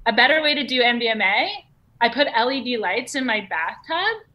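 A woman's voice: a little high, expressive, brisk, sharp tone. A woman talking as a guest on a casual podcast, candid and matter-of-fact.

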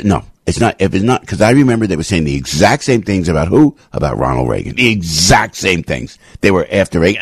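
A man hosting a talk radio show, delivering a rambling, impassioned opinion monologue full of restarts and sudden jumps in pitch. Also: animated, fast talker, hardly any pauses, husky, no echo.

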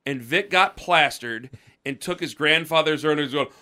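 Man, bright tone, coughing, rambling, chatty podcast co-host. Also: fairly high pitch, normal speed. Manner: rambling, restarts, acts out quoted voices. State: lingering cough. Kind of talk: casual storytelling chat. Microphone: podcast microphone.

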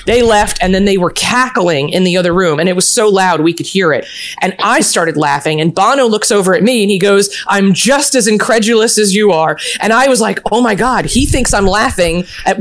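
A woman from New York telling a story in casual chat, animated and often laughing. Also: mid-range voice.

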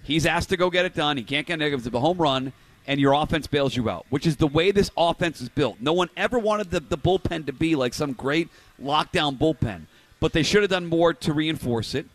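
A man hosting a live sports radio show from a restaurant, giving opinionated takes in casual banter. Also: fairly high pitch. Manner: opinionated, rapid back-and-forth.

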